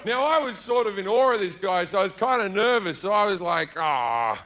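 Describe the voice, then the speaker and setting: A man in his thirties from Australia with an Australian accent, telling a long comic story on stage and acting out the people in it with sudden shouts and low mutters. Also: dull audio. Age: 30s. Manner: acts out characters in quick bursts, shouts and mutters. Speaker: stand-up comedian. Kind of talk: stand-up storytelling. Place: theater stage before an audience.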